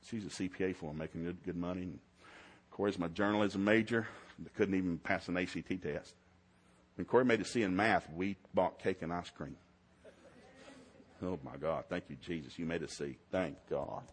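Middle-aged preacher man, husky voice, folksy storytelling. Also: low voice, normal speed. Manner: folksy storytelling, swings to loud shouted preaching. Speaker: pastor. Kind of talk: sermon.

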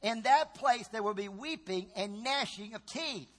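A man preaching a sermon in a church, swinging from quiet, slow lines to shouted cries and groans as he acts out voices from his story. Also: sits high. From Virginia. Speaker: pastor.

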